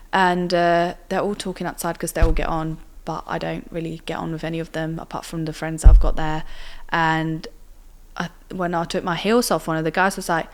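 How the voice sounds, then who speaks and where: A young woman tells her own story to an interviewer. Her voice sits on the low side, and she talks in a loose, chatty way, full of fillers and tag questions. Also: a bit bright. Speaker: guest telling her story. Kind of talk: casual personal storytelling.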